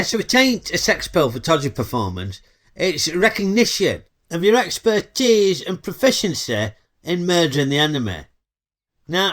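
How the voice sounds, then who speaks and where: A middle-aged man with a Northern English Yorkshire accent hosts a cheeky, chatty comedic film review packed with dialect banter. His voice is a little high and a bit bright.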